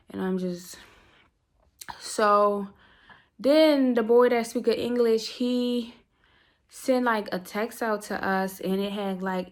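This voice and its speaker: A young woman in a casual storytime vlog, talking straight to her viewers in an emphatic, slangy way. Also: medium pitch. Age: young adult. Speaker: vlogger.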